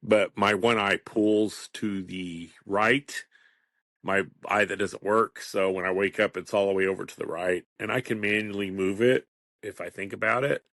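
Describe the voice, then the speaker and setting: Fifties male podcaster, slightly low voice, dry close sound, chatty rambling solo talk. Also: fairly even intonation, moderate pace, fairly bright tone, no room sound. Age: 50s. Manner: rambling, chatty, chuckles often. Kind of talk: casual solo podcast monologue.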